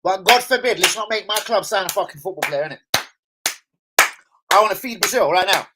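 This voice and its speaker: A man's voice: fairly quick, heavy background noise. Angry man ranting on a stream. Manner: angry, profane, swings from loud outbursts to low mutters. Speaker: football fan streamer. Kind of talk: live-stream rant.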